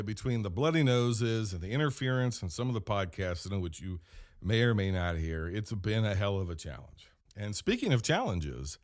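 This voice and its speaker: A man hosting a podcast, rambling through a comedic in-character monologue with deadpan storytelling and self-corrections. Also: lowish voice, dry recording, clean studio sound. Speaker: podcast host.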